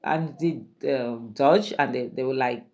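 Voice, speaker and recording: A woman retelling a drama series in a relaxed, gossipy way. Her voice sits low, and she throws in exclamations and opinions as she goes. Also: a little slow. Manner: chatty and opinionated, with exclamations and asides. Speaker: drama reviewer. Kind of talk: casual spoken recap of a drama series.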